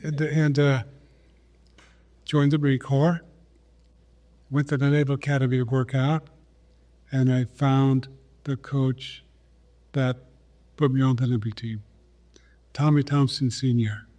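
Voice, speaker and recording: Older man, 80s, from South Dakota; soft, mellow storyteller, mid-pitched. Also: flat delivery. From South Dakota, USA. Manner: unhurried, acts out remembered dialogue. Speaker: guest, retired Olympic runner. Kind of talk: storytelling conversation.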